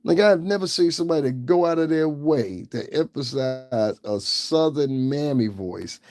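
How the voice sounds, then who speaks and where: A man's voice: on the high side, lively intonation, measured pace, a little mellow, no echo. A man hosting his own channel, giving blunt, profane and scornful commentary. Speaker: channel host. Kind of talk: ranting livestream commentary.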